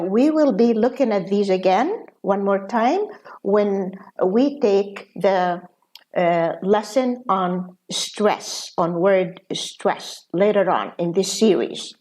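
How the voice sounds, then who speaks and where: A woman professor of English teaching a pronunciation lesson, talking slowly and deliberately with frequent fillers. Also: mid-range voice, a little mellow.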